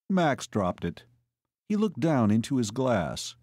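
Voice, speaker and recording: A man narrating a novel as an audiobook, telling the story in a measured way. His pitch sits in a middle range with lively movement. The recording is close and dry. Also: slightly rough, no room sound. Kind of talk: scripted narration.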